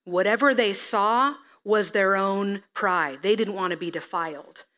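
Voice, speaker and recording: A woman preaching a sermon, reading scripture and acting out the figures with lively expression. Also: mid-range voice, a little slow. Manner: expressive, acts out scripture figures, laughs at herself.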